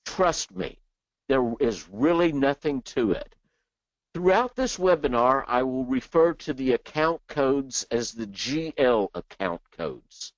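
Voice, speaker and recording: A man presenting a software training webinar in a chatty way, dropping joking asides between explanations. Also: mid-range voice, animated, slow pace, no echo. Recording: dull dry lo-fi sound.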